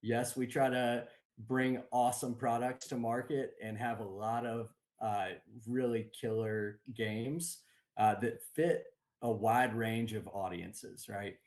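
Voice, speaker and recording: A man, a board game company guest, talking in an upbeat, relaxed way over a video call, with many ums. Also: medium pitch, slow pace. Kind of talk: casual interview chat. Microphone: remote video call.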